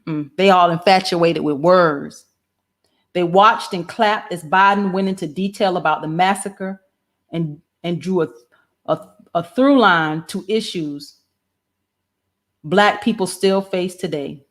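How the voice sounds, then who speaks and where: A woman hosting a live-streamed political commentary show, reading news aloud and speaking to her viewers as family with rising passion. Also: fairly low pitch. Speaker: host and political candidate.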